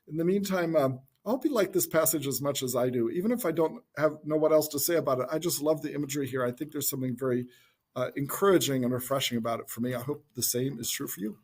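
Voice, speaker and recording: A man giving an informal Bible teaching talk in a gentle, reflective way, thinking aloud as he goes. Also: medium pitch, quick pace, breathy edge.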